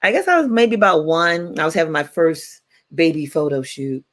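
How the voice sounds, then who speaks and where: A woman in her forties, co-hosting a radio talk show and telling stories in a playful, animated way. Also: low-pitched, moderate pace. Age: 40s. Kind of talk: casual chat.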